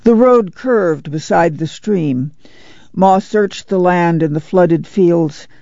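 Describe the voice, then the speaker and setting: A narrator reading a novel aloud at a steady, measured pace. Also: medium pitch, gravelly, no room sound, muffled recording. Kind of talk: audiobook narration.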